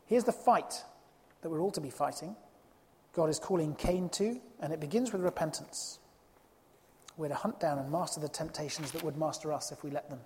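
A preacher delivers an emphatic, expressive sermon at normal speed in a middling-pitched voice, using rhetorical questions to drive his points home. A long hall reverb rings around him, along with slight background noise.

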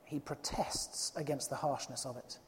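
A preacher delivering an emphatic, expressive sermon full of rhetorical questions. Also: mid-range voice, moderate pace. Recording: long reverb of a hall.

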